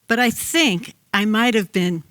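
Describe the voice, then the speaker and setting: An older man reading his own childhood memoir aloud on a small theater stage, deliberate and reflective. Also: high-pitched, background noise.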